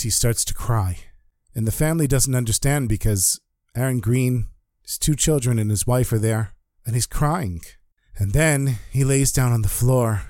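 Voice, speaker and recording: A man telling a story in an earnest, animated way. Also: medium pitch, no echo, studio quality. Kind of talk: spoken storytelling.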